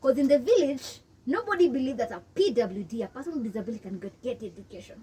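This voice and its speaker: Young woman, kenyan accent, fast talker, higher voice, animated, distant mic, faint background hiss. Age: young adult. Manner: switches between English and Swahili, animated, laughs often. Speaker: interview guest. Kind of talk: casual storytelling interview.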